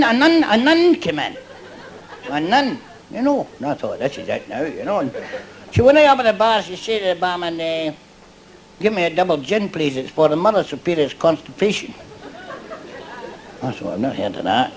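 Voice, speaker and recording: A Scottish man doing live stand-up, rambling through jokes and chuckling at his own lines. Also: a little high. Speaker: stand-up comedian. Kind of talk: live stand-up joke telling. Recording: live club recording with audience laughter and noise.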